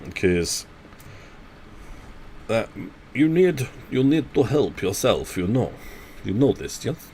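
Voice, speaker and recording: A man's voice: mid-range voice, big pitch swings, takes it slowly, pauses often, mellow, a little hiss or hum. Chatty man streaming a game. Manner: chatty, thinking aloud, jokey banter. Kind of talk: casual gaming commentary talking to teammates.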